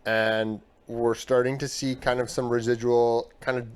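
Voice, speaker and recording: A man co-hosting a casual podcast, talking excitedly about the week's shows with quick bursts. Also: medium pitch, smooth. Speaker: podcast co-host. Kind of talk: casual chat.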